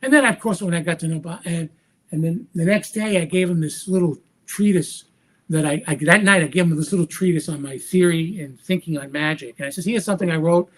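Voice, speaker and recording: Husky animated male magician storyteller. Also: on the high side, fairly quick. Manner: acts out quoted dialogue with lively voice shifts. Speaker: magician guest.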